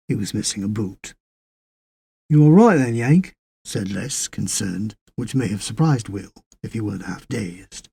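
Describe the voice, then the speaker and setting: A man reading a horror story in a measured, even way. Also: mid-range voice, vocal fry, husky, no room sound. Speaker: story reader. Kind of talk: scripted horror fiction narration.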